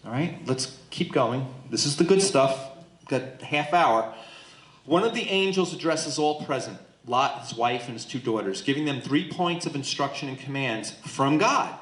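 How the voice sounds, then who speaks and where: A man's voice: medium pitch, lively intonation, normal speed, fairly bright tone. Emphatic man teaching Bible study, roomy echo. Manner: emphatic, asks listeners questions. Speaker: pastor leading Bible study. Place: church room.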